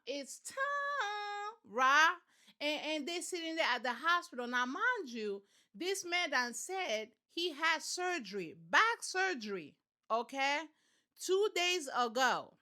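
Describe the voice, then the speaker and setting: A woman hosting a commentary vlog, telling the story in a sassy, animated, colloquial way. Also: high voice. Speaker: commentary channel host.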